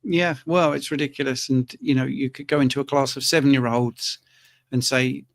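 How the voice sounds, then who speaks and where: A man's voice: mid-range voice, fairly even intonation, normal speed, gravelly, dry recording. A man hosting a live question-and-answer stream from the UK, chatty and teasing. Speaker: host. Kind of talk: live Q&A chat.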